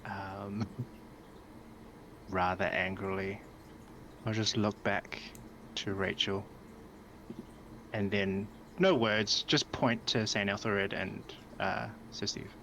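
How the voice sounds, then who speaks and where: A man playing in a tabletop game, calmly describing his turn. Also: on the low side, slow pace, pauses often, slight background noise. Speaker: player. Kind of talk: tabletop role-play.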